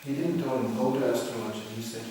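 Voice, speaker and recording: A man giving an informal religious talk, animated and laughing often as he acts out the voices in his stories. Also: mid-range voice, fast. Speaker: spiritual teacher. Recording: echoey hall, distant mic, faint hiss.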